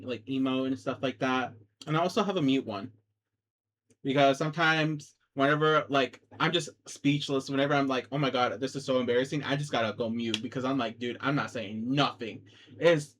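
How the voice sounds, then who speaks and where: Chatty slightly high-voiced young man. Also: a bit bright. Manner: chatty and self-deprecating, with many fillers like "dude" and "like". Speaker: vlogger starting a gaming channel. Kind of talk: casual rambling monologue to camera. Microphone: cheap microphone.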